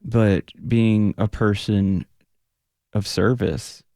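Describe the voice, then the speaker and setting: A man's voice: fairly low pitch, fairly even intonation, drawn-out words, warm tone, no room sound. A man who is a Buddhist teacher and punk rock frontman, talking earnestly in a radio studio interview, often restarting and trailing off as he searches for words. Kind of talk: reflective radio interview conversation.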